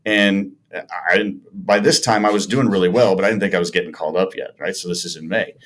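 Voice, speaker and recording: A middle-aged man with a very low voice tells stories in a relaxed podcast interview. He acts out the other people in his stories and jumps between narration and dialogue. He is from the Chicago area. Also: fast talker. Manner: animated storyteller acting out quoted dialogue. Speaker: podcast guest, former baseball player. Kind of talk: casual storytelling in a podcast interview.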